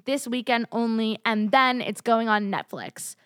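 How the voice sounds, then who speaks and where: A young woman in her twenties hosting a podcast, talking casually in an animated way with lots of fillers, sounding a bit sick. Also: a little high, measured pace, clean tone, dry recording, clean studio sound. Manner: animated, heavy use of "like", swears freely. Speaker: podcast host. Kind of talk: casual opinion chat.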